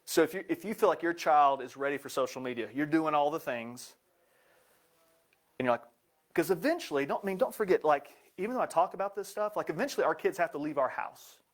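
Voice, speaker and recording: A man's voice: on the high side, lively intonation, a little fast. A man giving a live presentation in an upbeat, joking way.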